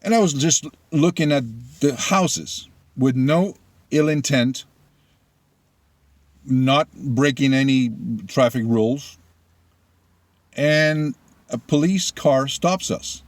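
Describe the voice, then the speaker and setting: A middle-aged man, a native Spanish speaker, delivers blunt political commentary in a slow, deliberate way. His voice sits at an ordinary pitch for a man. The sound is dry and close, with no room echo. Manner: deliberate, blunt, opinionated storytelling. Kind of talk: opinion monologue.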